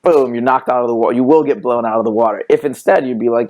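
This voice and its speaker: A man hosting a dating-advice podcast, energetic and emphatic as he drives his points home. His voice sits at an ordinary middle pitch for a man. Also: fast. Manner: energetic, emphatic with repeated interjections. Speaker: podcast host. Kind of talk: podcast interview. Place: Los Angeles studio.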